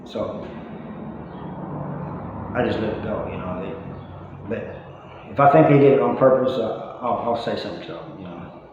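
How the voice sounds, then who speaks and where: A middle-aged man tells stories in a loose, rambling way, padding his talk with "you know" and chuckling at himself. His voice sits at an ordinary pitch. It bounces around a very echoey room with a long tail, and the sound is dull, with faint noise underneath. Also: normal speed, long pauses, darkish tone. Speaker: vlogger talking about life after prison. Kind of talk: casual storytelling monologue.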